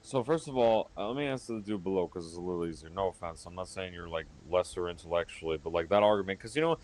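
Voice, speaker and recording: A low-pitched man from Florida runs a heated live-stream call with a drink in hand. He rambles, circles back, repeats himself and turns combative. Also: fast talker, a little mellow. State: drinking while talking.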